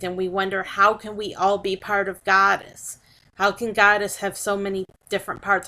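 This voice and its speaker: Slow, bright-voiced woman giving a spiritual talk. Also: medium pitch, poor audio. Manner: slow and measured, repeating and restarting phrases. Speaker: spiritual teacher.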